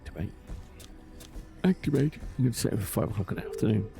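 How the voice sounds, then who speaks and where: A man's voice: on the low side, fairly even intonation, rapid-fire, vocal fry, music in the background. A man streaming a game live, muttering, swearing and exasperated as he plays. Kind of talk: live gameplay commentary.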